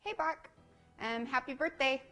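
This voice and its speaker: High-voiced chatty woman. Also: unhurried, bright, forceful tone, faint music behind. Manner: chatty, rambling, with little laughs. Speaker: family friend. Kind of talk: personal video message.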